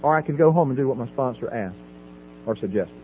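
A middle-aged man giving a personal testimony at a recovery meeting podium, dramatic, swinging from loud emphasis to hushed quiet. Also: mid-range voice, animated, quick pace, narrow, tinny audio. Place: at a podium before an audience. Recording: phone-thin audio with faint hum.

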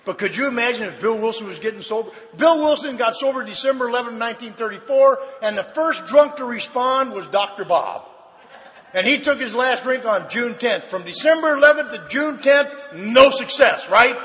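An older man giving a personal testimony at a recovery convention, telling his story with shouted punchlines and sudden quiet drops. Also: very high voice, lively intonation, normal speed. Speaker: recovery meeting speaker. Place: large convention hall. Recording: reverberant hall recording with faint ambience.

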